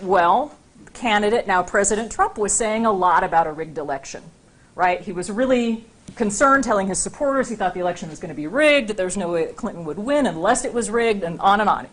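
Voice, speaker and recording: A woman's voice: medium pitch, animated, fairly quick. A woman university lecturer giving a public talk with slides, speaking conversationally and often checking in with her audience with "right?" and "okay?". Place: lecture room before a live audience.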